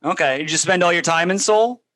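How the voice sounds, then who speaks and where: A male co-host on a comedy talk show, playing up his exasperation with sarcastic asides. His voice sits a little high for a man. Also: a little fast, fairly bright tone. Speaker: podcast co-host. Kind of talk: comedic casual chat.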